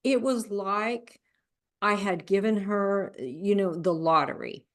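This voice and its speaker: A woman's voice: mid-range voice, slow pace. A woman hosting a podcast, telling personal stories at length in an earnest, conversational way that grows heated when she talks about people being mocked. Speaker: podcast host. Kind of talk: casual conversational podcast chat.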